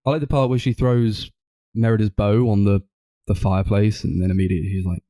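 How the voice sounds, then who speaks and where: A man with a low, deep voice talks through a film in a loose, rambling way. He hedges most points with "like" and "I suppose", and his tone is mellow and relaxed. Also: brisk, no room sound, rough recording. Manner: rambling, hedging, full of "like" and "I suppose". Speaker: podcast co-host. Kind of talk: casual film discussion.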